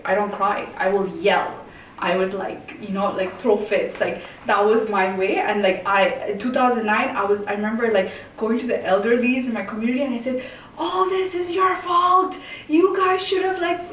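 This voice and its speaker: Fast-talking woman, echoey distant mic. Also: medium pitch. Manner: fast, filler-heavy, says "like" and "right?" often. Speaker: roundtable guest speaker. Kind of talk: casual reflective talk. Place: community event room. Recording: echoey room, distant mic, faint noise.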